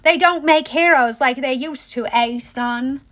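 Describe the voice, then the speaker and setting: A haughty, scornful serpent-woman from a storybook, put on by a woman reading aloud, mother of monsters and quick to rage. Her voice rides high and grows loud and forceful. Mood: gloating. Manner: proud, scornful, rising to raging shouts.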